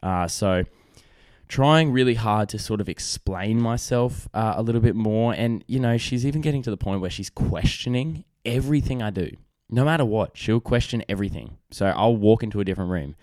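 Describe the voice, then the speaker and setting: A man's voice: on the low side, fairly quick, a little mellow, no echo, studio quality. A young adult man, hosting a casual solo podcast and telling rambling stories with lots of fillers and restarts. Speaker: podcast host.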